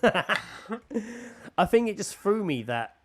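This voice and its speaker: A man co-hosting a podcast in casual chat, animated, laughing a lot and swearing freely. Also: sits high, drawn-out words. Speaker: podcast co-host.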